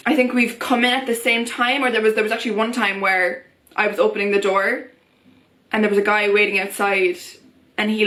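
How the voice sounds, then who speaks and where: Fairly bright in tone and medium in pitch, a young woman vents intensely to her camera. The vlog is personal and impassioned, and she keeps breaking off to restart what she's saying.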